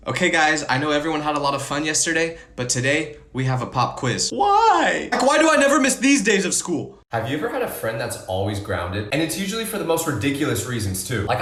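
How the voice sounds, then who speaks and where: A man's voice: a little high, a bit bright, roomy sound. A young man telling funny stories as a gaming channel host, emphatic and full of incredulous rhetorical questions. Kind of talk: scripted storytime narration over gameplay.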